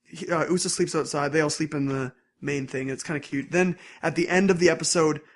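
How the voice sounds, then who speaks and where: A young man co-hosting a podcast, recapping episodes in casual chat with a rambling, animated way of talking. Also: on the high side, fairly quick. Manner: rambling, animated, acts out scenes in bursts. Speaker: podcast co-host.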